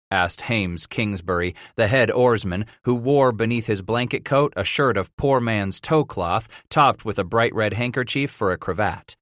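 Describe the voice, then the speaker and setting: A man narrating a western audiobook in a measured storytelling manner. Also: on the low side, a bit bright, no room sound, clean studio sound. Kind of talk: scripted narration of a western novel.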